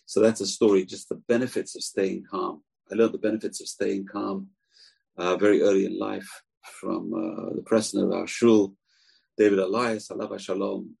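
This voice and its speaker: A man giving a sermon, earnest and emphatic, slowing down to stress key lines. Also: low voice, vocal fry, breathy edge. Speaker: rabbi.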